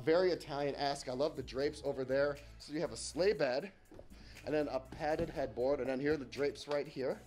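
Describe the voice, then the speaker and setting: A man's voice: fairly high pitch, a little mellow. A man giving a casual, enthusiastic tour of a hotel suite, chatting and thinking aloud as he walks through the rooms. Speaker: hotel reviewer. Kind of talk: casual room-tour vlog.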